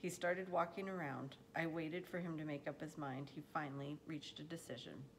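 A woman reading a children's novel aloud in a steady, unhurried storytelling manner. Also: low voice, a little hiss or hum, poor audio. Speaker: audiobook reader.

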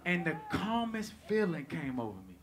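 A man telling a stand-up comedy story onstage, animated and profane, swinging between loud bursts and hushed asides. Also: high voice, moderate pace. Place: comedy stage before live audience.

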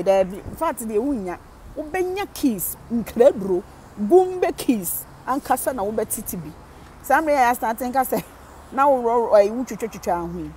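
A woman with a Ghanaian accent giving casual gossip commentary, animated, switching between Twi and English and laughing often. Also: a little high, a little hiss or hum. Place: living in Germany.

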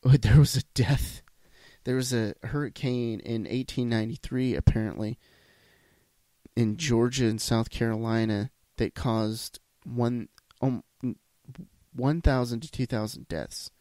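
A man's voice: medium pitch, steady tone, measured pace, warm tone, no room sound. A man hosting a solo podcast, ranting bluntly with lots of swearing and restarts. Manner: blunt, profane, rambling with restarts. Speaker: podcast host.

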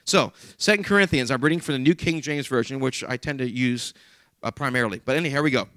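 A man's voice: mid-range voice, quick pace, fairly bright tone, no room sound. A middle-aged man preaching a sermon as a pastor, emphatic and given to repeating key phrases.

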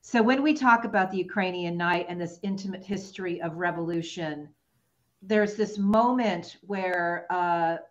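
Host, woman, lowish voice, earnest and emotional, muffled remote line. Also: unhurried. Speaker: podcast host. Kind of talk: interview questions.

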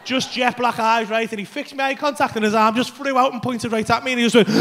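A man's voice: very high-pitched, fairly even intonation, quick pace, few pauses, bright, forceful tone, a little hiss or hum. A man doing stand-up in a comedy club, telling a rambling story with lots of swearing and acting out his own panic. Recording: live club recording. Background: audience laughter.

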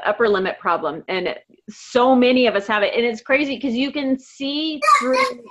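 A woman leading a casual team video call, bubbly and excitable, talking in a chatty, enthusiastic way. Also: a little high, dull audio. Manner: bubbly, excitable, quick to laugh. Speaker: team leader on a coaching call. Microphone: video call microphone.

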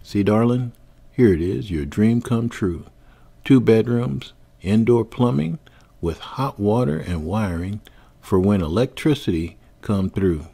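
A man's voice: lowish voice, measured pace, gravelly, warm tone, husky, full character voice. A man voicing Peter, a proud, earnest Black carpenter and husband who pleads politely. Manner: polite, pleading, growing desperate.

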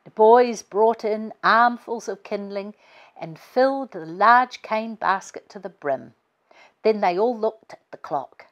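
A woman author reading her family storybook aloud in a gentle, expressive way. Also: mid-range voice, slow, lo-fi sound. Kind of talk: children's storybook read-aloud.

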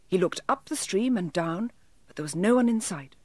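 A woman narrating a children's storybook in a gentle, expressive storytelling manner. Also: mid-range voice, moderate pace, no room sound. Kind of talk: storybook reading.

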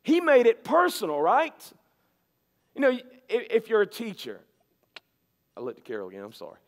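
Emphatic pastor, high voice. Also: male voice, wildly swooping pitch, normal speed. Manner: emphatic, repeats key words, swings from loud to soft. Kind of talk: sermon.

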